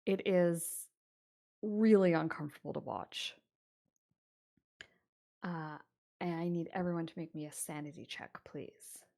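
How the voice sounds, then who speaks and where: Lady gm narrating a spooky tabletop game, slow and kinda low, lots of ums. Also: steady tone, warm tone. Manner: unhurried descriptive narration with fillers. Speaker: game master.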